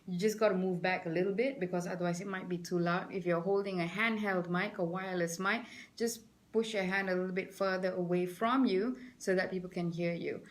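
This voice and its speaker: A middle-aged woman with a Malaysian accent, a presentation skills trainer giving a lively webinar lecture and stopping to greet viewers by name. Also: mid-range voice.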